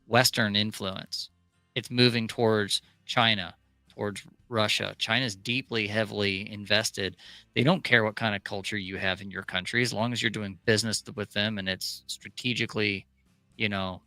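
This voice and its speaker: A male co-host talks through the news in an opinionated, casual way, often breaking off and restarting. His voice sits on the low side yet sounds bright and crisp. It is recorded dry and close, with faint music underneath. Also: dry recording. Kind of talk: casual political commentary.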